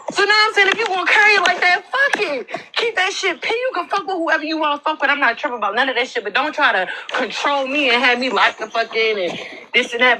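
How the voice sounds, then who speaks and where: Young woman mad and cussing, high voice, lots of noise under it. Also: bright, forceful tone, poor audio. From Baltimore. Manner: irritated, profane, repeats her grievance. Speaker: livestreamer in a couple argument. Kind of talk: heated argument.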